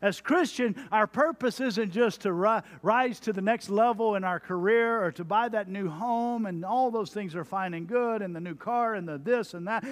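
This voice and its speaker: A man in his forties from Texas preaching a sermon as pastor, animated, with lively asides about his own family. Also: high voice, moderate pace, few pauses. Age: 40s. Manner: animated preaching, mimicking a parent's stock phrases.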